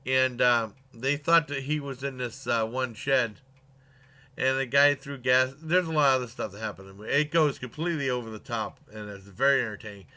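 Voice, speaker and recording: A man's voice: mid-range voice, a little fast, sharp tone. A man casually retelling a movie's plot in a review, rambling with many fillers and restarts and chuckling along.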